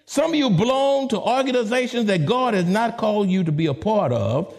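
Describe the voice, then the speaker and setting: A male pastor preaching a sermon, swinging from soft hushed lines to sudden high exclamations. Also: expressive, normal speed.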